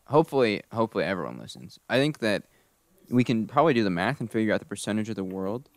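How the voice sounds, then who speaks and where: Deadpan joking young man, low voice. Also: fast talker, no echo. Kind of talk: casual group podcast banter.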